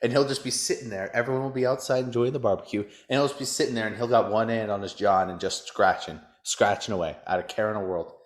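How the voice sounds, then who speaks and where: A man with a fairly low voice hosts a casual podcast. He rants and jokes crudely about the news of the day. His tone stays loose and unscripted. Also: steady tone, quick pace, few pauses. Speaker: podcast host.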